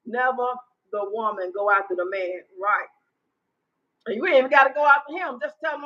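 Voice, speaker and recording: Loud, blunt woman livestreaming. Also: fairly high pitch, brisk, lo-fi sound. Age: 50s. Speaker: livestream host. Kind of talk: casual live chat.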